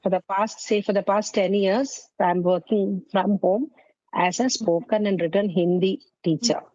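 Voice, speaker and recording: A woman from southern India in her fifties, with an Indian English accent, chatting as a Hindi teacher, friendly and measured, laughing often. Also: mid-range voice, steady tone, mellow, no echo. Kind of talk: casual conversation. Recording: dry, dull lo-fi call audio.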